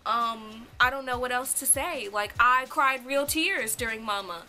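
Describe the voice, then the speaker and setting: A young woman chatting casually in a dreamy, lovestruck ramble. Her voice is very bright and sharp, a touch high, and she speaks slowly. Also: soft background music. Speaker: vlogger. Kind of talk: casual concert recap chat.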